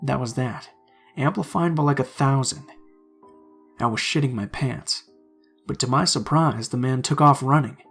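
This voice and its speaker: A man reading true horror stories aloud in a hushed, suspenseful narrating voice. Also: mid-range voice, normal speed, creaky, long pauses, slightly rough, faint music behind.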